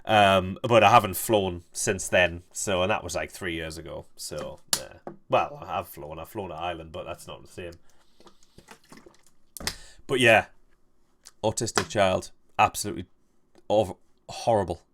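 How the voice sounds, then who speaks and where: A young man streaming a game, telling a rambling, halting story and swearing freely. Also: deep voice, fairly bright tone, a little hiss or hum. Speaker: gaming streamer. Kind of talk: casual storytelling while playing.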